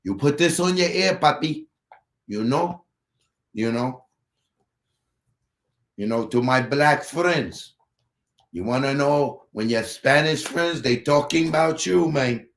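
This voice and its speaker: A man putting on a pushy, fast-pitching salesman who mixes English and Spanish and keeps saying "papi.". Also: creaky. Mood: hyped. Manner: high-energy sales pitch, says "papi" and "puppy" over and over. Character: pushy male hype salesman talking Spanglish. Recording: roomy echo.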